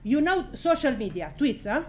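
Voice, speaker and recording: Speaking at a press conference, a high-voiced woman delivers an impassioned address to journalists, blunt and outspoken and swearing freely. Very animated and at a moderate pace, she shifts between outrage and laughter to hammer home her points.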